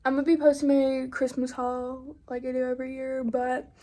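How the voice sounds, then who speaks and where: A woman's voice: high-pitched, completely flat delivery, moderate pace, warm tone. A young woman vlogger telling a storytime to her camera, rambling casually with constant "like" and frequent swearing. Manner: rambling, heavy use of "like" and swearing.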